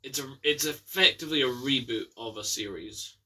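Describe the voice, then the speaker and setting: A young Scottish man hosting a casual bad-movie quiz, chatty, with quick asides and some swearing. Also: mid-range voice, bright, forceful tone, distant mic. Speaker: quiz host.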